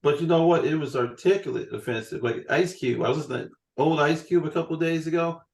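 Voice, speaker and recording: A man's voice: fairly high pitch, fast, echoey room. A man in his forties hosting a podcast, telling jokey stories in casual chat. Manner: joking, animated storytelling. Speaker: podcast host.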